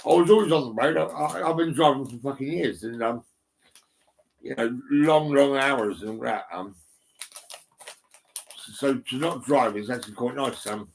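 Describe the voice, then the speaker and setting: A man's voice: mid-range voice, normal speed, vocal fry, long pauses, a little hiss or hum. A middle-aged man talking casually at home into a phone. His speech rambles, full of fillers and false starts, with frequent swearing. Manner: rambling, heavy swearing, many ums and restarts. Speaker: vlogger. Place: indoors at home, on a settee.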